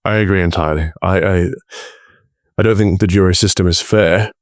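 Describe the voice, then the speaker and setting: Brief: male co-host, low voice, emphatic, frequent restarts. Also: fairly even intonation, brisk, no room sound, clean studio sound. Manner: emphatic and agreeing, with repeated restarts. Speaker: podcast co-host. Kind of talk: casual political chat.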